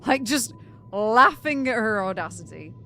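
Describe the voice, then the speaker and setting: A young British woman chatting casually on a game live stream, animated and incredulous, laughing often. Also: a little high, measured pace, soft background music.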